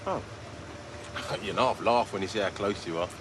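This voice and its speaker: An actor playing a cheerful working-class market trader with a Cockney accent, full of cheeky banter. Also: male voice, on the low side, expressive, normal speed, lightly acted. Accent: Cockney London. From England. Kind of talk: sitcom acting. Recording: noisy TV sitcom audio.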